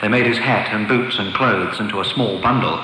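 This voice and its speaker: A man narrating a storybook reading with expressive, lilting delivery, recorded in an echoey room with long reverb. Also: fairly low pitch, brisk.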